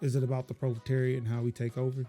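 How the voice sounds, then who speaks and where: A man's voice: mid-range voice, monotone, racing, mellow, faint music behind. A man hosting a tech podcast in casual chat, jokey and self-deprecating. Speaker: podcast host.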